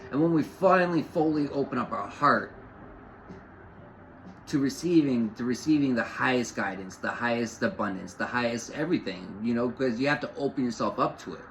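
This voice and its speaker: A man's voice: medium pitch, expressive, fairly quick, slight background noise, low-quality recording. A man giving an off-the-cuff spiritual talk, rambling and repeating phrases with lots of fillers. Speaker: spiritual host.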